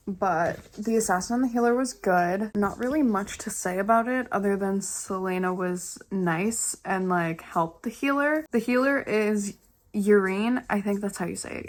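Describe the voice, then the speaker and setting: A woman's voice: medium pitch, slight background noise. A young woman chatting casually in a reading vlog, gushing and dramatic, full of "like" fillers. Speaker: book vlogger.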